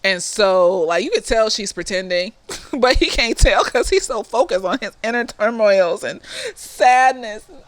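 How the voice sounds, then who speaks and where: A slightly tipsy woman therapist giving a blunt, profane and sassy casual review of a TV series, animated, with mocking asides. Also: medium pitch, measured pace, slight background noise.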